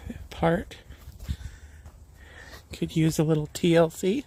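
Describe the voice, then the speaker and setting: A man's voice: a little high, takes it slowly, dark tone, slight background noise. A man live-streaming a hike, chatting in an easygoing, rambling way as he walks, a little out of breath. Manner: rambling, easygoing commentary while walking. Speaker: vlogger. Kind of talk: live-streamed hiking chat. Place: outdoors on a hiking trail by a lake.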